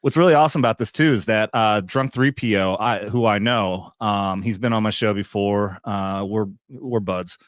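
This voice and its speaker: A man's voice: fairly low pitch, normal speed, hardly any pauses, no room sound, clean studio sound. A man hosting his own online show, telling stories in a rambling, profane and easygoing way, laughing often. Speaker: YouTube show host. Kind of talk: casual chat.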